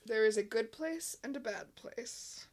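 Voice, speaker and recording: A woman's voice: fairly high pitch, measured pace. A woman co-hosting a podcast, recapping a TV episode in casual chat with a wry, sarcastic edge. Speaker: podcast co-host.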